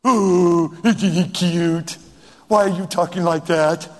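A man's voice: high-pitched, steady tone, slow, big-room sound. A man mimicking a cooing mother in baby talk.

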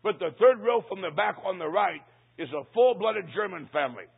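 A hushed, deferential man answering quietly, a high, gravelly voice put on by a preacher. The sound is thin and phone-like. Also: lively intonation, brisk, full character voice. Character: soft-spoken male song leader, polite. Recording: tinny lo-fi line.

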